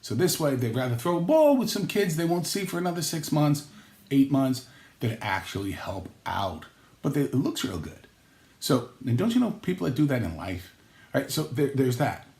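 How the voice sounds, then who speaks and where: Man, vlog host, jokey and rambling, mid pitch, roomy echo. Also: big pitch swings, normal speed, vocal fry, a little mellow. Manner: jokey, rambling, acts out quotes with pitch jumps. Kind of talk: comedic vlog monologue.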